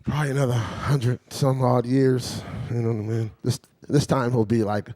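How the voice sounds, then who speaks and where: A man's voice: medium pitch, flat delivery, moderate pace, darkish tone, no echo. A man doing a rambling stand-up routine, chuckling between lines and repeating "you know what I mean". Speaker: stand-up comedian.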